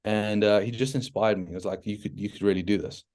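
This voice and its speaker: A South African man, probably in his thirties, tells his story as a podcast guest. His voice sits a little low, and he talks frankly and with energy, often circling back with "like" and restarting his sentences. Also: fast. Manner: frank and animated, many restarts and "like" fillers. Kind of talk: casual storytelling interview.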